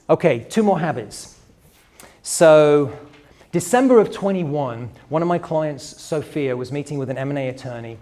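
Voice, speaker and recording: A man's voice: fairly high pitch, a little mellow. A middle-aged man, a business coach, giving a live workshop presentation in a conversational, digressive way and speaking straight to the room.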